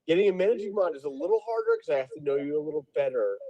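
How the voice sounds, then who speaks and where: Guy guest on a stream, rambly, pitch all over the place. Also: racing, creaky, no echo, lo-fi sound. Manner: rambling, lively delivery. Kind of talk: casual live-stream chat.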